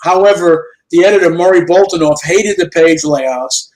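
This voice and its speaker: High-voiced older man telling lively anecdotes. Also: moderate pace, rough recording. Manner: lively storyteller who acts out quoted dialogue. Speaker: guest comic book artist. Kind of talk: storytelling anecdotes in a chat show interview. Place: remote video call.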